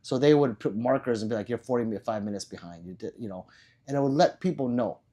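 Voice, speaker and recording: A man's voice: medium pitch, fast talker, dark tone, husky. Rambling man chatting on a livestream. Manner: rambling, loose, swears casually. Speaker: livestream host. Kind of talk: casual livestream chat.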